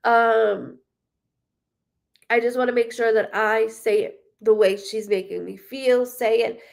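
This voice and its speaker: During a live reading, this woman medium rambles emotionally and uses plenty of fillers while conveying what the spirits say. She speaks unhurriedly in a fairly high, steady voice with some vocal fry.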